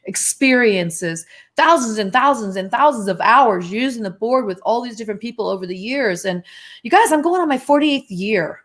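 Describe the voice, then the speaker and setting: A woman's voice: on the high side, expressive, normal speed. A woman in her sixties, a guest on a live video-call chat, talking chattily and laughing often. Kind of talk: casual live-chat interview.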